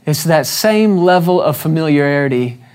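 Speaking before a congregation at an evening service, this man gives a casual, conversational sermon, often questioning the listeners and performing scripture with varied emphasis. His voice runs high, smooth and somewhat dark, with lively intonation and a moderate pace.

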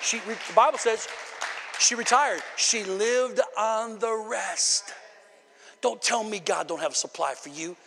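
High-voiced preacher in a reverberant church. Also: male voice, unhurried, vocal fry, pushed and bright, a faint crowd. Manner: emphatic, repeats for emphasis, stammers on restarts. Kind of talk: sermon. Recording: long hall reverb.

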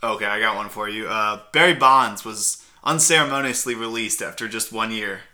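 Wisecracking young man with a bright voice. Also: fairly low pitch, normal speed. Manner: wisecracking, chatty. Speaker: podcast co-host. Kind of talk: casual sports chat.

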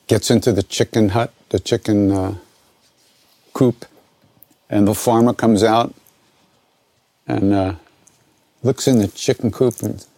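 An older American man with a gravelly voice, answering questions as a spiritual teacher in a relaxed, conversational way that often trails off and restarts. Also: lowish voice, dry recording. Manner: relaxed, conversational, self-interrupting. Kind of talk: informal spoken Q&A teaching.

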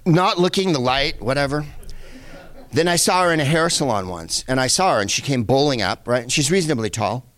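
A middle-aged man casually telling a lively anecdote, full of asides and the odd curse. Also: medium pitch, brisk. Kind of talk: casual storytelling.

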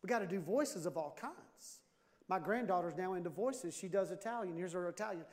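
High-voiced joking preacher in a reverberant hall. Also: male voice, fairly quick. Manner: animated, jokey, acts out dialogue. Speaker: pastor. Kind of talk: sermon with humor.

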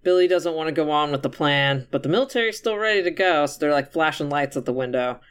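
A young man casually recapping a movie plot on a podcast, animated and profane, laughing often. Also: fairly high pitch, quick pace, clean tone. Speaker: podcast host.

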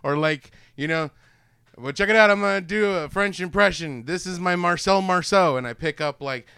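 A man co-hosting a casual film discussion, excitable and profane, breaking into sound effects as he talks. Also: high-pitched, normal speed, vocal fry, clear, resonant tone, dry recording, clean studio sound.

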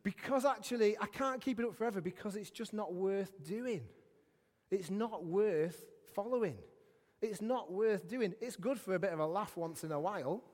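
A man with a notably high voice delivers a sermon to a congregation. He is chatty and pokes fun at himself, drifting into asides. His voice rings out with a long hall reverb. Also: normal speed, a little mellow. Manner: chatty, self-mocking, with many asides. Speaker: preacher. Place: church hall.

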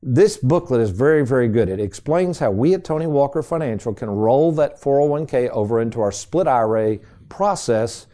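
Middle-aged guy hosting a money radio show, folksy and chatty, warm mellow tone. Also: medium pitch, expressive, fairly quick, few pauses. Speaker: financial radio show host. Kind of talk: casual storytelling on a radio show.

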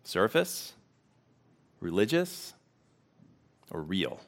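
A man preaching a sermon as pastor, reflective and unhurried, pausing to let questions sink in. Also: low-pitched, very animated.

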